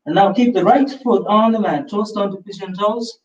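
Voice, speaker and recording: A man guides a live yoga class, calling out poses and breaths in a calm, unhurried way. His voice sits fairly high for a man and comes from a bit away from the mic. The sound is roomy and slightly muffled. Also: distant mic, slight background noise. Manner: calm, slow step-by-step cues with breath prompts. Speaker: yoga instructor.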